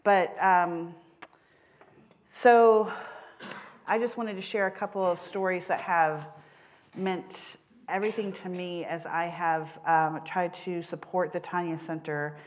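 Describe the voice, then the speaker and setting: A woman's voice: lowish voice, fairly even intonation, takes it slowly. A woman giving an earnest personal testimony in a church service, telling stories with many ums and self-corrections. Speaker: church mission supporter.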